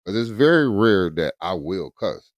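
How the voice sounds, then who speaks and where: A man's voice: low voice, big pitch swings, measured pace, no echo. A man chatting casually as a podcast co-host, laid-back and repeating "you know what I'm saying". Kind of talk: casual chat.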